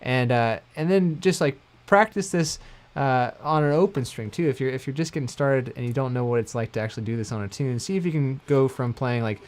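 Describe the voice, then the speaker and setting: A man giving a casual livestream mandolin lesson, talking in a relaxed, rambling way and correcting himself often. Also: mid-range voice, brisk. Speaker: mandolin teacher. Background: mandolin playing between phrases.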